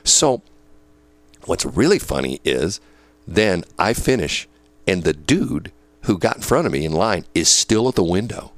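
Lively low-voiced man telling a story. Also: moderate pace, dry recording. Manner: animated storyteller, many fillers like "you know". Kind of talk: casual storytelling chat.

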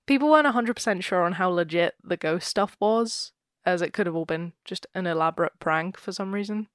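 A woman's voice: fairly low pitch, moderate pace, no echo, studio quality. A woman co-hosting a podcast, chatting casually and laughing often as she retells a ghost story. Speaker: podcast co-host.

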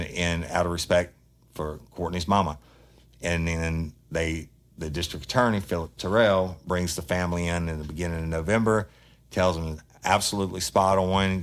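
A man hosting a true crime podcast, talking bluntly and heatedly in a casual monologue, swearing freely. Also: deep voice.

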